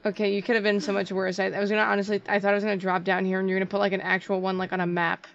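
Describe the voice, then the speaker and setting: A woman's voice: medium pitch, level tone, rapid-fire, creaky, muffled recording, a little hiss or hum. A young woman streaming a game live, chatting casually over voice chat with dramatic, squeamish exclamations. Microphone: desktop mic on voice chat.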